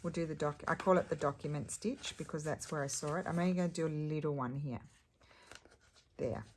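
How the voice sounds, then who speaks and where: A woman with a low, unhurried voice chats through a paper craft project as she works. She thinks out loud, breaks off mid-sentence and picks the thread back up. Soft clicks and rustling sit faintly behind her. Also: a little hiss or hum. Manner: chatty, thinks aloud while working, trails off and restarts. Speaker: crafting vlogger. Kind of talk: casual craft tutorial chat.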